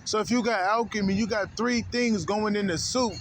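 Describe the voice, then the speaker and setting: A man's voice: sits high, fairly even intonation, normal speed, slight background noise. A man hosting an unscripted spiritual monologue, talking in loose, profane slang, rambling from one thought to the next. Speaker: spiritual channel host.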